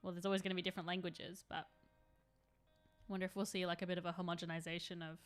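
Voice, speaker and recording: A woman's voice: on the low side, little pitch movement, quick pace, smooth, faint music behind. A woman in her thirties chatting casually on a live stream, rambling and answering chat while she paints miniatures.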